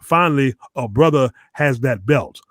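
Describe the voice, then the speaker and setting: A man's voice: mid-range voice, expressive, normal speed, dry recording. A man hosting a casual wrestling podcast, blunt and profane, often repeating words as he goes. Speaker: podcast host. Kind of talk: casual chat.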